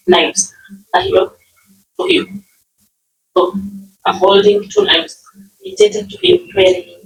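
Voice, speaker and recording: A very high-pitched woman's voice with vocal fry and a Kenyan accent; she comes from Nyeri. As a language teacher she gives a casual lesson on household words, repeating them and often checking in with "okay?" The mic is distant and the room sounds roomy.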